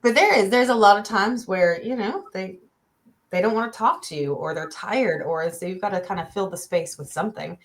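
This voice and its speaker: A woman investigator chats in a relaxed group setting. Her pitch sits at an ordinary middle level. She talks loosely, laughs often and makes fun of herself. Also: fairly quick, low-quality recording. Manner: laughs often, self-deprecating. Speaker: paranormal investigator. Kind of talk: casual group chat.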